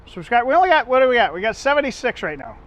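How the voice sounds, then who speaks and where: A man's voice: very high-pitched, sing-song, very fast, fairly bright tone, highs cut off. A man hosting a casual home cooking video, chatting to viewers in a rambling, self-correcting way. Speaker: home cook and channel host.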